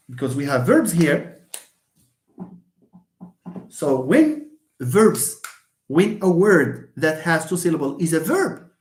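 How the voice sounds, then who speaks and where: Animated man teaching. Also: a little high, reverberant. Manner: animated, repeats words for emphasis. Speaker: English teacher. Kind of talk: live online lesson.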